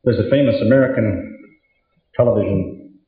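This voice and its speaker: A man's voice: fairly low pitch, normal speed. A man giving a conversational religious lecture, telling stories and acting out both sides of the conversations. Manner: storytelling, acts out both sides of dialogues. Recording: tinny, very echoey hall recording.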